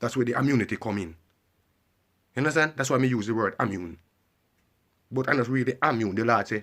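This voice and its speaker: A man's voice: mid-range voice, a little fast, pauses often, fairly bright tone. A man delivering a heated, repetitive ranting monologue and pressing the listener with questions. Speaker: vlogger.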